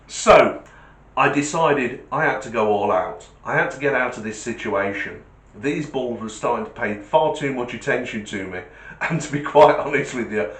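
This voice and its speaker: A middle-aged man telling a comic anecdote in an animated, self-mocking way. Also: medium pitch. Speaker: storyteller, test driver. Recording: roomy echo.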